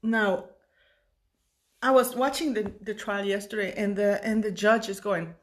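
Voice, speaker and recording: Woman, fifties, mid pitch, tired, rambling, emotional, casual commentary, lots of restarts. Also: unhurried, a little hiss or hum. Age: 50s. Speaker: YouTube commentator.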